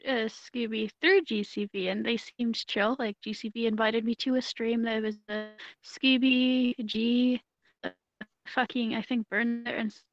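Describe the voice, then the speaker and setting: A woman guest joins a podcast, rambling and pausing as she searches for words. Her voice is high and comes through a dull, muffled online call with a dry sound. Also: a bit bright, no echo. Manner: hesitant, rambling. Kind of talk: casual chat.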